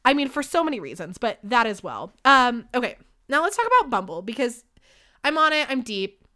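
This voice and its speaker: A young woman hosting her own podcast, talking candidly and with lots of swearing as she tells stories. Her voice sits a bit high and sounds bright and clear. The delivery is quick to swing from animated bursts to low asides. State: sick. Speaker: podcast host. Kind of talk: casual solo podcast storytelling.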